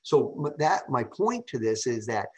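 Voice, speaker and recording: A middle-aged man, a podcast guest and public speaker, telling stories in a casual interview with an animated, emphatic manner, often asking "right?". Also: mid-range voice, a little slow, poor audio.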